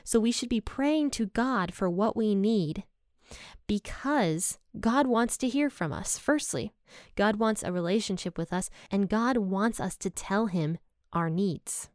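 A woman's voice: medium pitch, expressive, unhurried, dry recording, studio quality. A woman teaching from the Bible in a casual, personal, earnest way. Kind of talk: casual devotional talk.

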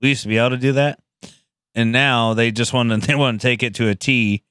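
A man's voice: medium pitch, fairly even intonation, fairly quick, a bit bright, clear, resonant tone, no echo, studio quality. A man co-hosting a podcast, joking around crudely and laughing. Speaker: podcast co-host, excavation business owner. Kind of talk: casual podcast chat.

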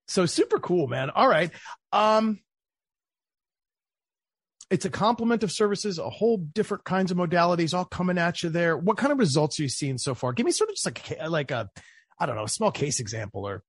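A man hosting a podcast interview. He tells stories in a casual, animated, chatty way. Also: high voice, a little fast, breathy edge, no echo. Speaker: podcast host.

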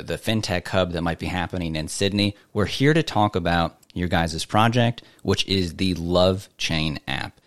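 A man's voice: low-pitched, no echo, studio quality. A chatty, upbeat man hosting a live crypto AMA. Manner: chatty, upbeat, lots of fillers. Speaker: host.

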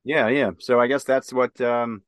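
A man from Nebraska, a military veteran, telling his story as an interview guest, halting, with many fillers and restarts. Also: mid-range voice, flat delivery, a bit bright, no room sound, studio quality. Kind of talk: casual spoken storytelling.

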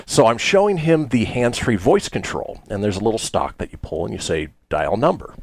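Low-voiced man hosting a radio chat show. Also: wildly swooping pitch, brisk, darkish tone, husky, dry recording. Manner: laughing anecdotal storyteller. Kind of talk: casual chat.

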